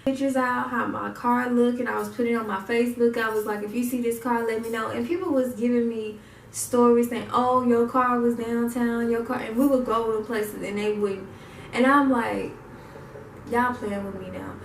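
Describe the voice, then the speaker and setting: A woman's voice: fairly high pitch, normal speed, gravelly, far from the mic, slight background noise. A young woman telling a personal story, acting out what people said. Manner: animated retelling, acts out quotes. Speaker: vlogger. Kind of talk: casual storytime. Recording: echoey room, mic set back.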